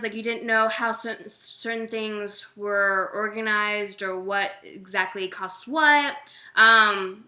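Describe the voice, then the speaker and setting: Woman podcast host, very bright voice, chatty and giggly, reads viewer questions out loud. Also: mid-range voice. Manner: chatty, laughs often, swears casually, reads viewer questions aloud. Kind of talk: casual live-stream chat.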